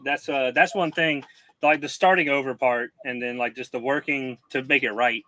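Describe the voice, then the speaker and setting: A man's voice: medium pitch, steady tone, normal speed, bright, forceful tone, no room sound, rough recording. A man co-hosting a casual podcast chat, talking in a hesitant, stumbling way. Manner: hesitant, stumbling, full of fillers. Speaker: podcast co-host.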